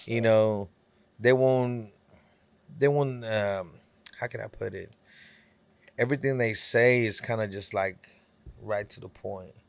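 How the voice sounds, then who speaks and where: A man's voice: fairly low pitch, fairly even intonation, slow pace, gravelly, long pauses, clean tone, no echo. A man with a Texas Southern accent, a rapper chatting as a podcast guest, laid-back and full of "you know" fillers. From California. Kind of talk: casual podcast chat.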